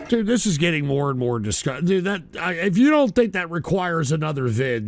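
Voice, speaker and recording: A man hosting a live radio show, shouting curses and sighing in frustration. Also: a little high, big pitch swings, a little fast, hardly any pauses. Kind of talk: angry live rant.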